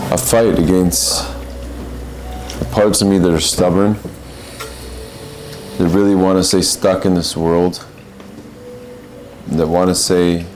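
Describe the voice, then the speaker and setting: A man's voice: sits low, darkish tone, a little hiss or hum, low-quality recording. A man giving a reflective spiritual talk in an earnest, searching way, often repeating and restarting his phrases. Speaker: podcast host.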